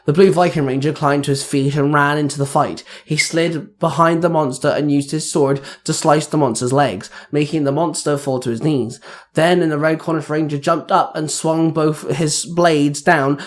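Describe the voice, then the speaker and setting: A man's voice: a little high, fairly even intonation, moderate pace. Man narrating an action story.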